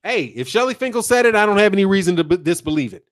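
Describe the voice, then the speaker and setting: Here an American boxing-channel streamer talks very fast in a high voice, reading viewers' chat and delivering animated, slang-heavy commentary. He keeps laughing and repeating himself. The sound is studio quality, with no echo.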